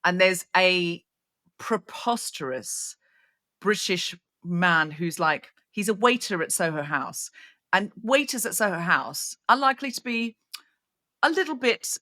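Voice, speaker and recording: A woman's voice: on the low side, unhurried. A middle-aged woman hosting a podcast, telling stories with playful teasing in a casual comic chat. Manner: lively storyteller, playful teasing. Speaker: podcast host.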